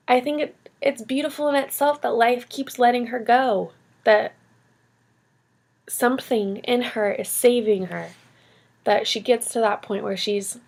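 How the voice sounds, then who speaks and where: A woman's voice: a little high, creaky. A young woman vlogger giving heartfelt, rambling encouragement in an earnest manner. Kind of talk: heartfelt motivational vlog talk.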